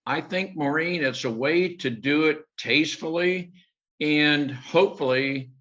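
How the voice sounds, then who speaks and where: A man with a bright, crisp voice talks as host of an interview. His phrasing is measured and thoughtful. The audio sounds somewhat dull and lo-fi. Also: on the high side. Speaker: podcast host. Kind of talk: interview conversation.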